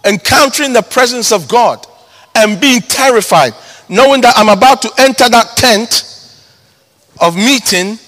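A man preaching a sermon, emphatic, repeating key words and swinging between loud and hushed. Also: extremely high pitch, lively intonation, a little slow, long pauses. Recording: long hall reverb.

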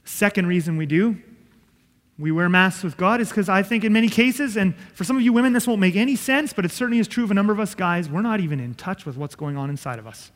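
A man's voice: high-pitched, fast talker, in a large hall. A man preaching a sermon as pastor, earnest and conversational, with self-deprecating asides.

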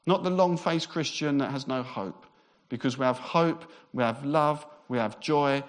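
A man preaching a Christmas sermon as pastor, emphatic and repetitive, with relaxed humorous asides. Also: mid-range voice, unhurried. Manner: emphatic, repeats phrases for effect; conversational asides with light humour.

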